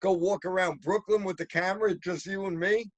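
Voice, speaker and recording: A man's voice: sits high, fairly even intonation, brisk, no echo. A man with a New York accent from Long Island, co-hosting a comedy show from home and joking animatedly. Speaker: co-host. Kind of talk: casual chat on a comedy show. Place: home, remote.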